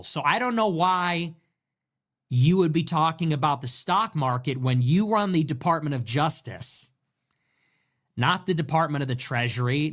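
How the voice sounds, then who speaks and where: A man on a livestream, ranting in a sarcastic, mocking tone. His voice sits high and swings widely up and down as he piles on rhetorical questions. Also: fairly bright tone. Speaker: political livestream commentator.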